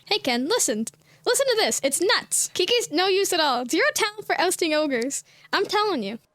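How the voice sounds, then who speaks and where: A woman's voice: very high voice, big pitch swings, normal speed, a bit bright, no room sound, full character voice. A woman reading aloud the lines of a bossy, proud teenage girl from a game, in a dramatic way.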